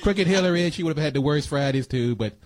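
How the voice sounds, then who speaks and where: A man's voice: fairly high pitch, lively intonation, quick pace, darkish tone, pitched above the performer's own voice, lightly acted. A man doing a bragging president impression. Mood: boastful. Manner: boasting superlatives, repetitive. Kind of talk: comic impression on talk radio.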